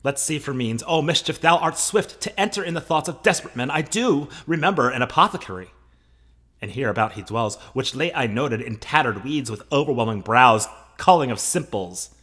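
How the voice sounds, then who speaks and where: A man's voice: medium pitch, lively intonation, normal speed, fairly bright tone. A man teaching a play, reading the lines aloud with feeling and then explaining them in casual, joking asides.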